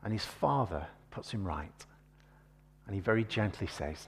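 A low-pitched man delivers a sermon at an unhurried pace. His voice is husky, and he drops to a near-whisper for tender points before rising to forceful emphasis. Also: animated. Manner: swings between hushed and emphatic. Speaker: preacher.

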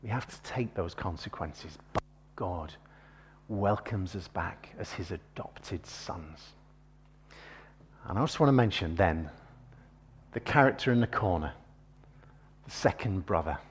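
A man preaching a sermon, shifting between hushed, gentle passages and loud, emphatic points. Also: low voice, slightly rough.

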